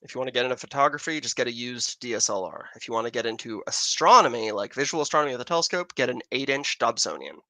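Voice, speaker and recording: A man's voice: mid-range voice, animated, fast talker, few pauses, sharp tone, no echo. An American man hosting a casual astronomy livestream, rambling as he answers viewer questions. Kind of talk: casual live-stream chat. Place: outdoors in Arizona with a telescope.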